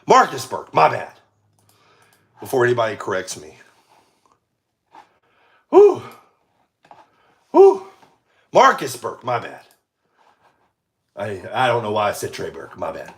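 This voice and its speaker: A young American man giving casual play-by-play commentary, excitable, shouting on big plays and laughing at his own slips. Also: on the low side, slow, vocal fry, pauses often. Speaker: amateur sports commentator.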